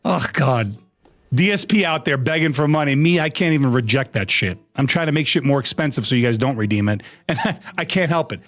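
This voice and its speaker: A man's voice: medium pitch, lively intonation, fairly quick. A young man live streaming, ranting at his chat in mock exasperation, swearing and laughing. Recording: faint music behind. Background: faint music.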